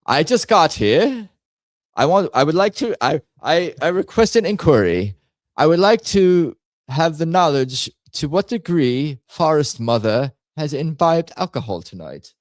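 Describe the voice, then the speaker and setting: Guy doing a stuffy formal fella, higher voice, all stiff and pompous. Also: very animated, racing, hardly any pauses, warm tone, no room sound. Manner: stilted, pompous, word-fumbling. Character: prim, overly formal man making stiff requests.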